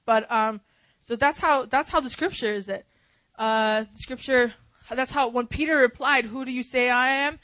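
A young woman preaching at a church service, animated and talking straight to the congregation with frequent "right?" and "amen?". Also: fairly high pitch, moderate pace, dry recording, low-quality recording. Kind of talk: sermon.

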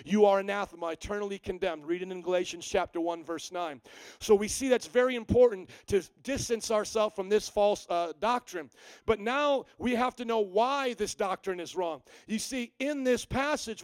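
High-voiced emphatic male pastor. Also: clean tone, no echo, rough recording. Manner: emphatic, asks rhetorical questions and answers them. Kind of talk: sermon.

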